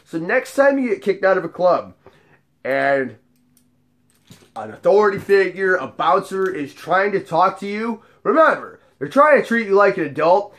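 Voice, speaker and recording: A man telling bar stories from his job as a bouncer, cursing freely and keeping the delivery animated and jokey. His voice sits a bit high for a man. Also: normal speed. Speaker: nightclub bouncer and storyteller. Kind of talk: casual storytelling vlog.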